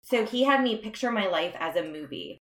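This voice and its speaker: Expressive and a little fast, a young woman's medium-pitched, fairly bright voice carries her candid personal story on a podcast. She stays earnest and reflective, laughing now and then, against a roomy echo.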